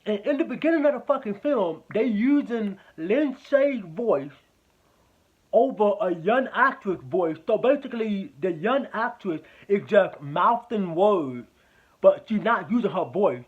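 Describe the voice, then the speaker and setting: A man with a fairly high voice talks through a movie review in a loose, rambling way, swearing often and circling back over the same points. The sound is thin and narrow, close to a phone line. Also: expressive, measured pace, slightly rough. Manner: rambling, profane, repeats himself. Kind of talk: casual spoken movie review.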